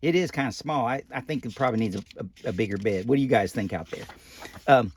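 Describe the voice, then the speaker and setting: A man's voice: mid-range voice, expressive, quick pace, breathy edge. A man reading a picture book aloud, breaking off for folksy, rambling, joking asides. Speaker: storybook reader.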